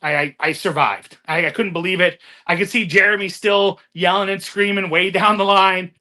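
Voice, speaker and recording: A man in casual group chat, telling animated stories and laughing often. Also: high-pitched, moderate pace. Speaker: guest contestant.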